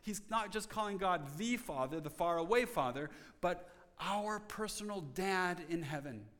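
Male pastor, high voice, earnest verse-by-verse sermon, frequent restarts, long church-hall reverb. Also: animated, measured pace, fairly bright tone. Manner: earnest expository preaching with repeated restarts.

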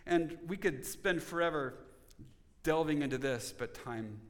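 A man preaching a sermon as pastor, earnest, dropping to soft tones for emphasis. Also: fairly high pitch, unhurried, big-room sound.

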